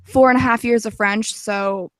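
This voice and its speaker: Tentative woman, slightly high, dry. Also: fairly even intonation, moderate pace, no room sound. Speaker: voice actor. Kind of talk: casual chat on a call.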